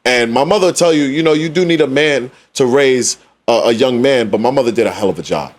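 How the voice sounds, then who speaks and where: A man's voice: mid-range voice, brisk. Man, podcast co-host, emphatic, repeats lines for impact, conversational. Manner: emphatic, preachy, repeats phrases for effect. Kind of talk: casual podcast discussion.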